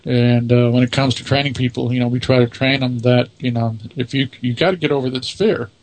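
A man's voice: medium pitch, steady tone, brisk, a little mellow, no room sound. A man who leads a paranormal investigation team answers interview questions in a matter-of-fact, self-assured way.

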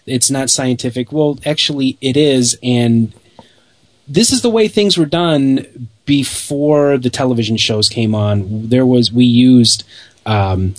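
A man's voice: medium pitch, no echo. A man from Illinois co-hosting a casual radio talk show, rambling with stumbling restarts and jokes. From Illinois, near Chicago. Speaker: radio co-host.

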